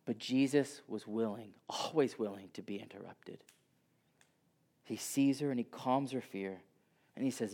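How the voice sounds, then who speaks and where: A man preaching a sermon who swings from loud, emphatic passages down to soft near-whispers. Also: medium pitch, normal speed.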